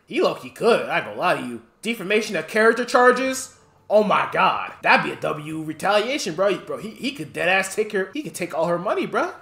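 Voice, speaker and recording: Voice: medium pitch, a bit bright. A streamer giving live reaction commentary, ranting with lots of profanity and talking straight to his chat. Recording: roomy echo.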